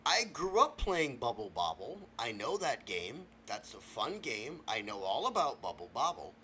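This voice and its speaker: A man's voice: mid-range voice, sing-song, normal speed, pushed and bright, a little hiss or hum. A tipsy man hosting a late-night comedic rant, talking in an incredulous, exasperated way and stammering often. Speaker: podcast host.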